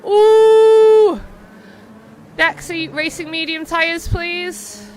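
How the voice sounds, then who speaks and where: A young woman commentates on a racing game live stream, her voice bright and a little high. She chats loosely, drifts into stories and reads out messages from viewers, with a faint hiss of noise behind her. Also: fairly even intonation, moderate pace. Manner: chatty, rambling, reads chat aloud. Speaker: streamer and race host.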